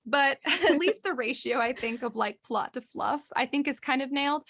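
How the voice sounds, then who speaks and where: A woman co-hosting a writing podcast in casual chat, talking in an animated way and quoting people in a higher voice. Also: normal speed, creaky. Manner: chatty, animated, acts out quotes in a higher voice. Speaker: podcast co-host.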